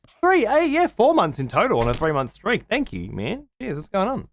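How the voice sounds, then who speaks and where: A man's voice: on the high side, huge pitch swings, moderate pace, fairly bright tone, a little hiss or hum. A man hosting a livestream from his room at home, chatting casually with viewers in profane, sarcastic banter. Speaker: livestream host.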